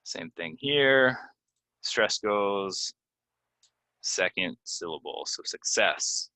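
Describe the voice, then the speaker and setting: A man teaching English pronunciation from slides, repeating each word slowly and giving example sentences with many ums. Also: on the low side, animated, sharp tone, smooth, dry recording, low-quality recording. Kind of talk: slide-based pronunciation lesson.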